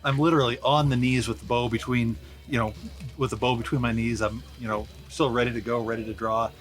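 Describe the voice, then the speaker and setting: A man in casual conversation, telling a story in steady, detailed fashion. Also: medium pitch, quick pace. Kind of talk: casual hunting chat.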